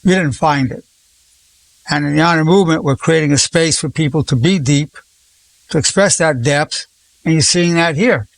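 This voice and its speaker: A man's voice: on the high side, normal speed, vocal fry. A man in his eighties, a psychologist leading a group session, who talks effusively and keeps repeating words of praise. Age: 80s. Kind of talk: encouraging group talk.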